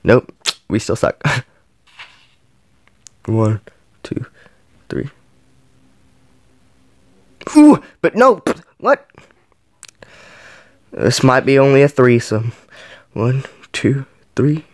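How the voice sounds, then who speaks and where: A gaming channel host plays a mobile game, counting every flip aloud; his pitch drops low on the counts and leaps high when he misses, where he yelps and groans. He speaks slowly, with many pauses between bursts and big pitch swings overall. The audio is dry and close, with no room echo.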